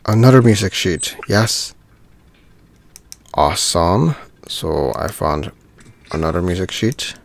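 A man's voice: deep voice, animated, slow pace, vocal fry, pauses often, no room sound. A man giving casual commentary while playing a video game, thinking aloud and easily delighted by small things. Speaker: gaming channel host.

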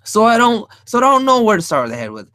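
A man's voice: high voice, huge pitch swings, fast talker, sharp tone, dry recording. A man hosting a casual live drawing tutorial, rambling and thinking aloud as he sketches, adding playful sound effects. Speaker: art stream host.

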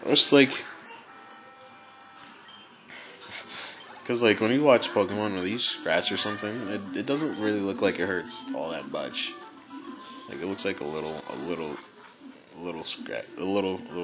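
Excitable, swearing man playing a game. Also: deep voice, a little slow, pauses often, faint music behind, low-quality recording. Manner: excitable, profane, repeats phrases, laughs often. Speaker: gameplay commentator. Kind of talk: casual gameplay commentary.

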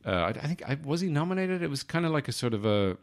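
A man's voice: on the high side, sing-song, fast talker. A man hosting a comedy podcast, talking in a wry, self-deprecating, digressive monologue. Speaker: podcast host.

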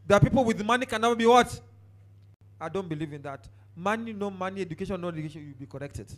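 Preaching fast and with a lot of animation, this pastor has a voice that sits high. His sermon swings between shouting and hushed asides, and at one point he has the congregation turn to their neighbors.

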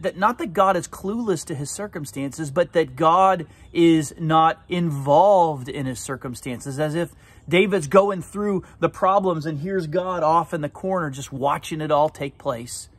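Male pastor, slightly high voice, unhurried devotional preaching with drawn-out emphasis. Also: breathy edge. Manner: slow, deliberate, drawn-out emphasis. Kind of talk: devotional sermon with prayer.

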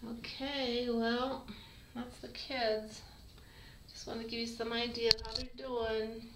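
A woman's voice: a little high, flat delivery, slow, noisy background. A woman breeder filming her kittens, talking casually and cooing to them in a small bathroom. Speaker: cat breeder. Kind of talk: casual video narration. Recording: echoey bathroom, mic far off.

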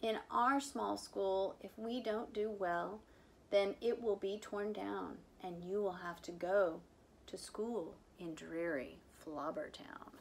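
A woman's voice: mid-range voice, takes it slowly, vocal fry, slight background noise, pitched below the performer's own voice. A woman voicing a fretful, tearful male school principal from a picture book, speaking in an anxious, mournful way. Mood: worried. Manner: anxious, mournful storybook delivery.

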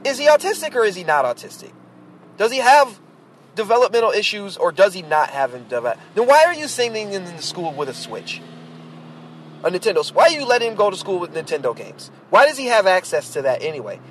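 High-voiced guy ranting on his podcast, blunt, lots of "like", some car noise outside. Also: fairly bright tone. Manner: blunt, exasperated, rambling with many fillers. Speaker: podcast host. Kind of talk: ranting monologue.

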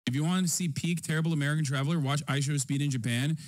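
A loud, profane male streamer in his thirties, riffing on clips for his viewers. His voice is fairly high for a man, and he talks into a desk mic in a casual, animated way. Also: very fast.

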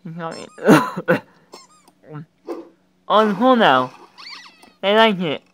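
Excitable young man reacting aloud. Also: sits high, takes it slowly, poor audio. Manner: excitable, loud bursts of exclaiming. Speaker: reaction video creator. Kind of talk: reaction commentary.

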